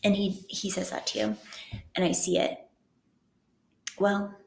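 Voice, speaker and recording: A chatty woman co-hosting a podcast, giggling often and piling on "like" fillers. Her voice sits at a middle pitch. The sound carries the reverb of an echoey public room. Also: flat delivery, a little slow, gravelly, darkish tone, a little hiss or hum. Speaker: podcast co-host. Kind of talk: casual chat. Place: public venue.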